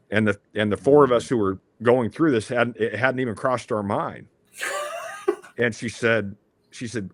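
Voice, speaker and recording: A man's voice: medium pitch, huge pitch swings, moderate pace. A man, a former athletic director, telling an earnest, rambling story with many restarts in a podcast interview.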